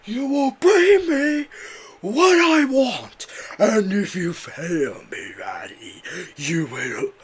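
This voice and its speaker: A man voicing a cruel, commanding half-machine male villain, drawing out his threats slowly. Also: high-pitched, lively intonation, breathy edge, voice pushed up, heavily acted. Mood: menacing. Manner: slow, drawn-out threats.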